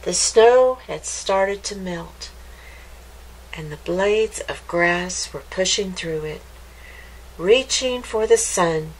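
A woman librarian reading a children's picture book aloud, with gentle, expressive storytelling. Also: lowish voice, slow pace, low-quality recording.

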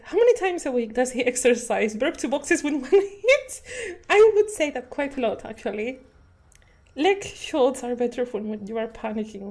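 A young woman streaming a horror game, panicking, laughing and yelling at the screen. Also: high voice. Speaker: vtuber streamer. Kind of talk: live gameplay commentary.

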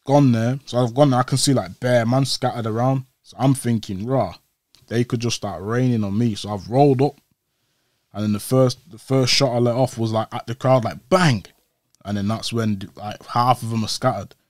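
A man's voice: medium pitch, fairly even intonation, normal speed, no room sound, clean studio sound. A man, an interview guest, retelling events in casual street slang. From Old Trafford, Manchester, England. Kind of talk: casual storytelling.

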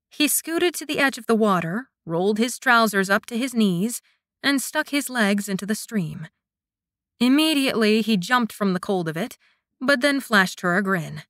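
A woman reads a fantasy romance audiobook in an even storytelling manner. Her voice is bright, and the sound is dry and close. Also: a little high, normal speed, dry recording. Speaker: audiobook narrator. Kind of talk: scripted narration.

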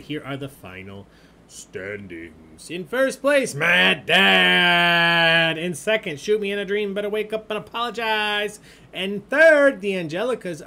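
A man reads trivia questions and answers during a live-streamed online game, keeping things jokey and chatty. As host, he has a mid-range, somewhat bright voice, and there's slight background noise.

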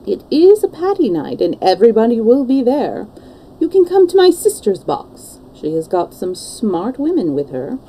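A woman's voice: on the high side, wildly swooping pitch, normal speed, dark tone, slight background noise, low-quality recording. A woman reading the part of a worldly, cynical English lord in a storybook, languid and matter-of-fact. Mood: breezy.

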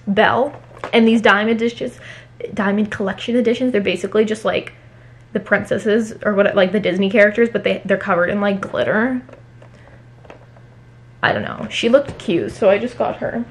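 A woman chatting casually at home in a haul vlog, talking fast with many fillers. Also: mid-range voice, slight background noise. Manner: chatty, fillers every few words. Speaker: book vlogger.

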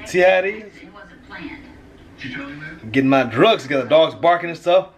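Speaking at a moderate pace in a fairly high, animated voice, a husband who makes prank videos chats to camera in his kitchen. He's slangy and calls his viewers fam, with the camera placed on top of the fridge.

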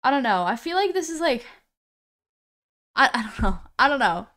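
A woman live-streaming a game, her voice smooth and a touch higher than most. She chats loosely, reads viewer comments out loud, and trips over names before saying sorry. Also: sing-song, normal speed. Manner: reads chat aloud, apologetic, stumbles over names. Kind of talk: casual live-stream chat.

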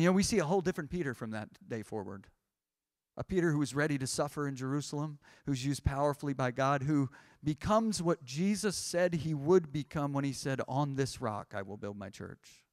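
A man's voice: on the high side, no echo, studio quality. A man who is a pastor preaching a sermon, building his points in rising, repeated phrases with frequent restarts. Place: church sanctuary.

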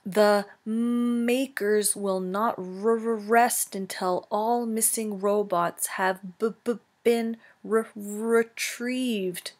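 A woman voicing a broken male hunter robot, cold and relentless, speaking in a halting, stuttering, garbled way. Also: medium pitch, steady tone.

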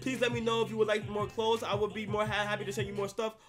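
A young man livestreaming, loud and excitable, firing slang at his chat. His voice sits a bit high and has a sharp, bright edge. Faint music plays behind him. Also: fast.

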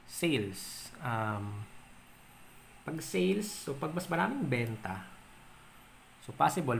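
A young Filipino man with a Filipino accent, teaching an accounting lesson on video. He reads definitions, then explains them with simple examples and pauses with "um.". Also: mid-range voice, vocal fry, fairly bright tone, a little hiss or hum. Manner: explains in mixed Tagalog and English, reading definitions then giving examples; stretches out key terms, pausing with "um". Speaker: accounting tutor.

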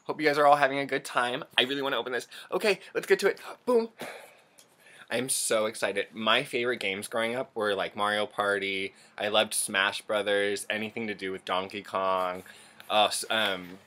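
A young adult man hosting an unboxing vlog, gushing and excitable, often gasping and squealing as he chats straight to his viewers. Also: on the low side, moderate pace. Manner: chatty and direct to viewers. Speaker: channel host.

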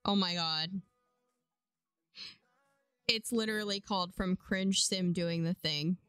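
A young woman streaming a life-sim game, chatting casually and getting excited and squealy at times. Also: lowish voice, takes it slowly, clean tone, no room sound, studio quality, faint music behind. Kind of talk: casual gameplay commentary.

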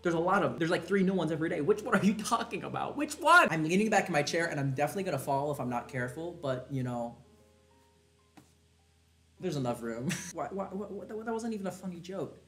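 A man casually reading fan messages on a vlog, animated and jokey, laughing and swearing often. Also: fairly high pitch. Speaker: content creator.

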